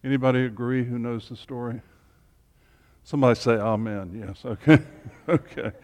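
A man's voice: medium pitch, fairly even intonation, normal speed, darkish tone. A man leading a Bible study group, teaching in an informal, chatty way with humorous asides. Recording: long reverb in a hall.

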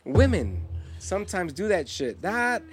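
A man's voice: mid-range voice, brisk. A middle-aged man co-hosting a podcast, telling a story in casual chat with lots of swearing and acted-out voices. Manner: profane, animated storyteller who acts out quotes. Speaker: podcast co-host.

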